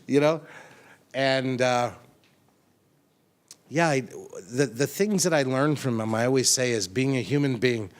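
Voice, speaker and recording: Man telling a lively story. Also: mid-range voice, moderate pace. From United States. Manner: animated anecdotal storytelling, acts out shouted quotes. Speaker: chiropractor. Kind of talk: storytelling speech to a conference audience.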